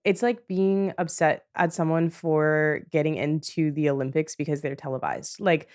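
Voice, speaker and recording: A woman hosting a podcast in casual chat, bubbly and laughing often with quick asides. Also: low-pitched, fairly even intonation, a little mellow. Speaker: podcast host.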